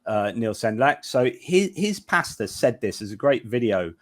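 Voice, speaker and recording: A man guests on a casual podcast and makes his case with real energy. His voice sits in a middle pitch but swings widely up and down, and he often restarts sentences while he hunts for the right word. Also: moderate pace. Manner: lively, argumentative, searching for words. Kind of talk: casual discussion.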